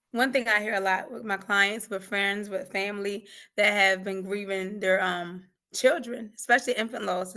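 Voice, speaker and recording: Bright, fervent woman giving a faith testimony. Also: mid-range voice. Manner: fervent and preachy, laughs often, repeats phrases for emphasis. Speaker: guest, grief coach and author.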